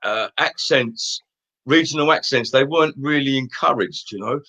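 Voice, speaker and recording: A man's voice: medium pitch, moderate pace, pushed and bright. A man in his fifties with an Essex accent, chatting casually as an interview guest and telling rambling anecdotes. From Essex, England. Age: 50s. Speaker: stage singer and guest. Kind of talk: casual chat.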